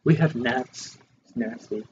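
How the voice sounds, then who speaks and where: A man's voice: mid-range voice, unhurried, a little mellow. A young man co-hosting a podcast, joking and teasing in casual chat on a handheld mic. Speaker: podcast co-host. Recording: dull lo-fi mic with faint noise.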